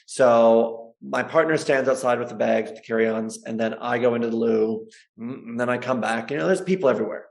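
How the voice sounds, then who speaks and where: A man, a chiropractor, telling stories in a casual interview, animated and laughing often. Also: medium pitch, a little fast, gravelly. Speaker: guest, chiropractor and social media creator.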